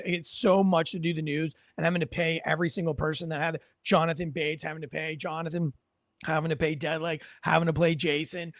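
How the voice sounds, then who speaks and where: A podcast host with a slightly high, a bit bright voice tells stories in a casual, rambling way, often restarting and correcting his sentences. The recording is dry.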